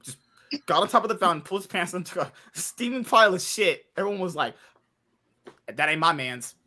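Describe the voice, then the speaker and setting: A man hosts a podcast in loose, casual chat. His voice sits fairly high and sounds bright and forward. He trades crude jokes with his co-host and steers the talk onto new topics. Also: lively intonation, fairly quick. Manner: joking, crude banter, then steering the topic.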